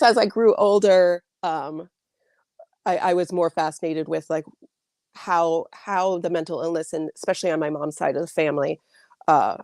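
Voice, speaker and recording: Female author guest, lowish voice, dry sound, chatty and rambling on a video call. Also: darkish tone, no room sound. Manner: chatty, many likes and restarts. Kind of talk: casual interview answers.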